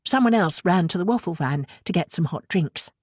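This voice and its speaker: A woman narrating an audiobook thriller in an even, measured way on a close studio mic. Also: fairly low pitch, no echo. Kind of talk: scripted narration.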